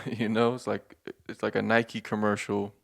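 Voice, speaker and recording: This podcast host sounds hungover as he rants on his own, his gravelly voice fairly low and level, his pace measured. It's a profane, meandering monologue full of fillers, broken up by laughter.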